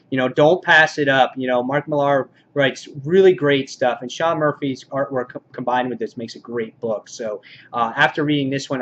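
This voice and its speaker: A man giving a casual comic book review, excitable and loose, acting out characters' lines with mild swearing. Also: medium pitch. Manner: excitable, acts out characters' quotes; lots of fillers and restarts, mild swearing. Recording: dull lo-fi sound with faint noise.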